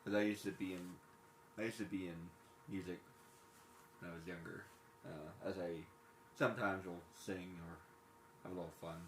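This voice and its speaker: A man with a deep, low voice and a bright, forceful edge chats casually on a live stream. He talks quickly and rambles with plenty of fillers. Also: fairly even intonation, slight background noise. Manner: rambling, filler-heavy, self-reflective; quick-talking. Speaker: livestreamer. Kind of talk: casual live-stream chat while gaming.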